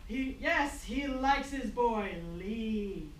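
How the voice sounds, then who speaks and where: A woman's voice: a little high, drawn-out words, slight background noise. A woman playing a bossy giant's wife who scolds in a folksy rural way in a stage skit. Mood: scheming. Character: bossy, nagging giant's wife in a hillbilly style. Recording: echoey room from far off.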